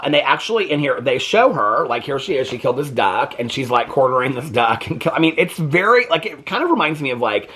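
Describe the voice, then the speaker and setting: A man casually reviewing graphic novels on his book vlog, animated, laughing often and using lots of filler words. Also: a little high, slightly rough. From United States.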